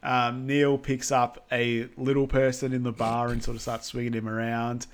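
A man's voice: mid-range voice, monotone, moderate pace, smooth. A man casually recapping a film on a podcast, easygoing and hesitant, with many ums. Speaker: podcast co-host.

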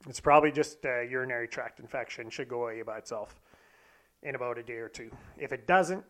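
A man's voice: mid-range voice, fairly quick, a bit bright, lightly acted. A man putting on the voice of a blunt, exasperated male doctor in a story he tells. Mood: matter-of-fact. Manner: blunt, dismissive.

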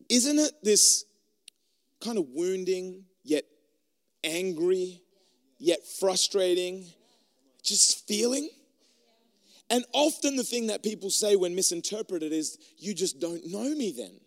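Guy preaching a sermon, pretty high voice, jokey and animated, big echoey hall. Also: slow pace, long pauses. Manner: animated, joking, conversational, acting out quotes. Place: room with an audience.

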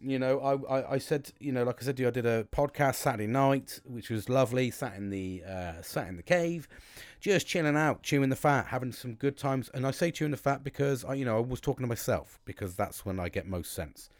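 A man's voice: mid-range voice, brisk, no room sound. A British man hosting a podcast, rambling casually about his weekend with lots of swearing, restarts and fillers. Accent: British English. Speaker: podcast host.

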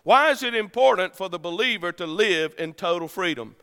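High, bright-voiced man preaching in a hall. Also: expressive, brisk, smooth. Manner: preaching with dramatic swings in pitch and loudness. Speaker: pastor. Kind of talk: sermon. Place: church sanctuary.

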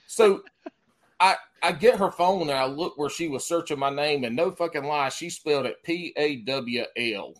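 A man's voice: fairly high pitch, moderate pace. A man with a Southern US accent hosting a podcast, telling loose, profane stories in casual chat. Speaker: podcast host.

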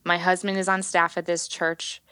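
A woman in her thirties, a worship leader, telling her faith story on a podcast guest spot in a lively, expressive way, acting out what she once said. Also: lowish voice, normal speed, clean tone, dry recording. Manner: animated storytelling, acts out her own past words. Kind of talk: candid personal testimony.

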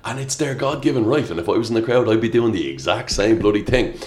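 Irish guy with a really low voice, chatty podcast guest, gets loud and lively telling stories. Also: fast. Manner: animated storyteller, acts out quotes loudly. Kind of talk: casual podcast chat.

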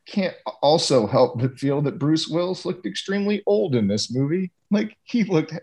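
A man with a husky voice rants about a film in casual podcast chat. His pitch swings widely as he vents, swearing freely. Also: lively intonation, moderate pace, a little mellow. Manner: profane, exasperated ranting. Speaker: podcast co-host. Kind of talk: casual movie-review chat.

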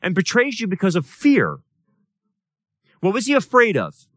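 A man's voice: sits high, huge pitch swings, moderate pace, fairly bright tone, no echo. A man teaching a Bible study as a pastor, talking casually and asking the class questions. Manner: plays out voices in quoted dialogue. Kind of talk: sermon. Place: church or study room.

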